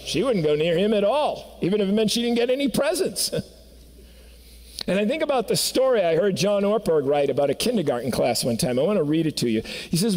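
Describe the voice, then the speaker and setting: A man's voice: sits high, very animated, brisk, a little mellow. Earnest preacher man in an echoing hall. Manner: earnest storytelling, rising to emphatic peaks. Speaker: pastor. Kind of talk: sermon. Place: church sanctuary. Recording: long reverb of a church hall.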